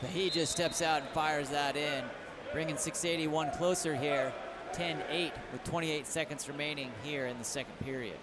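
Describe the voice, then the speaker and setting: Male play-by-play commentator, slightly high voice, brisk, shouts the big plays, loud noisy venue. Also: steady tone. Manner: brisk, calls plays with sudden raised bursts. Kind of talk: live sports commentary. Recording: loud background noise.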